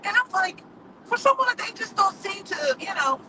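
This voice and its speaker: A woman giving her opinions in a casual monologue; outspoken and animated, she laughs often and keeps coming back to rhetorical questions. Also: extremely high pitch, moderate pace, music in the background, rough recording. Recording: steady background noise with passing traffic.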